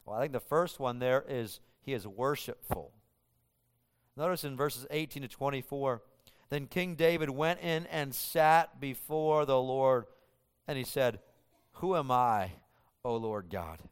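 A man from the United States preaching a sermon, moving between loud emphatic lines and hushed ones. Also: medium pitch, a little slow, clean tone. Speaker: pastor. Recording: long hall reverb.

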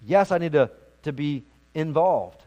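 A man's voice: a little high, animated, measured pace, dark tone, highs cut off. A man preaching a sermon as pastor, earnest and emphatic, often repeating words as he goes.

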